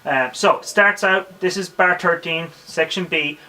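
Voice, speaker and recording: A man's voice: high-pitched, a little slow, noisy background. A man with an Irish accent teaching drums in a casual spoken tutorial, counting beats aloud between his explanations. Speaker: drum teacher. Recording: drum kit playing loudly behind.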